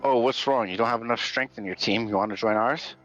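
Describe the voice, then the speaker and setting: A man's voice: mid-range voice, quick pace, fairly bright tone, faint music behind, voice pushed up, lightly acted. A man voicing a cocky, brash young male elf student who taunts others. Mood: taunting. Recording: dull lo-fi audio.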